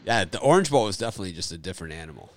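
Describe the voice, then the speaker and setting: A man's voice: low-pitched, animated, racing, no room sound. A man hosting a casual sports betting chat, rambling and enthusiastic, repeating himself as he tells stories. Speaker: sports betting show host.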